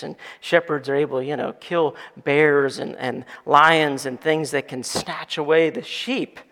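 A man's voice: a little high, gravelly, a bit bright. A man preaching a sermon as pastor, building to emphatic calls for the congregation to answer. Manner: building to emphatic call-and-response. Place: church sanctuary. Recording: long reverb of a church hall.

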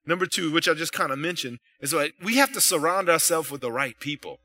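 Man, pastor, conversational sermon, high pitched, very bright tone. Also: animated, a little fast. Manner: conversational preaching with frequent "you know" and "right?".

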